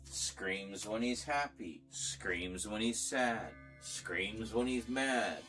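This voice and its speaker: A man's voice: on the low side, drawn-out words, fairly bright tone, soft background music. A man streaming live, chatting casually and rambling to his viewers and his pets.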